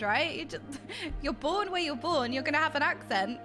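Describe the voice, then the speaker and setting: A woman's voice: high voice, animated, fairly quick, music in the background. A woman from Essex with a mix of London and Essex accent, chatting casually with her stream audience, laughing often and bantering indignantly. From Essex, England.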